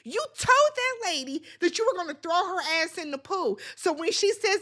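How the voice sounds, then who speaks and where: A woman's voice: very high voice, lively intonation, moderate pace, hardly any pauses, pushed and bright. A woman hosting a reality TV recap, talking casually and bluntly, swearing freely as she gives her opinions.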